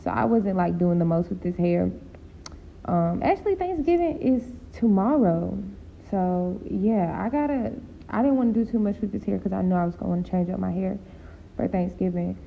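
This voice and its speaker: A woman's voice: animated, moderate pace, narrow, tinny audio, slight background noise. A tired woman chatting casually in a voice-over for her beauty vlog, laid-back and sleepy. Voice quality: deep gravelly voice. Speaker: beauty vlogger. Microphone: home voice-over mic.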